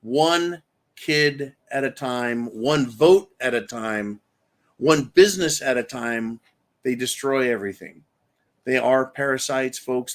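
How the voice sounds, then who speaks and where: Slow-talking ranting male commentary host. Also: mid-range voice. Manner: angry, profane, reads viewer comments aloud.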